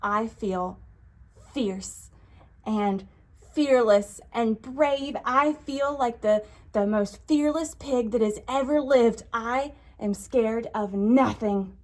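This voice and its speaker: A woman's voice: on the high side, slow, a little mellow. A woman voicing an earnest young male pig in a storybook, breathless, gasping and wide-eyed. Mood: excited. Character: young male pig who lost his tail, earnest and excitable.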